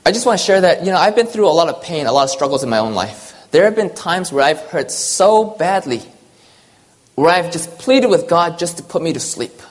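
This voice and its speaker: A man's voice: fairly high pitch, animated, fairly quick. A man preaching a sermon, earnest and personal, often checking in with his listeners by asking "okay?".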